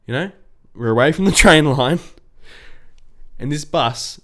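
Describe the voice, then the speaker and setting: A man, co-hosting a casual podcast and telling rambling, animated stories. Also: fairly high pitch, measured pace, pauses often. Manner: rambling storyteller, animated when annoyed. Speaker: podcast co-host. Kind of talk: casual chat.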